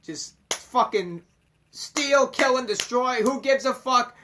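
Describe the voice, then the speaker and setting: A man talks slowly through spiritual teachings, unhurried and drawn out. He rambles casually and peppers every thought with curses, pressing his points with blunt emphasis. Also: very high-pitched, pushed and bright, slight background noise. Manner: swears constantly, rambling and emphatic. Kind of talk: casual profane monologue explaining Kabbalah.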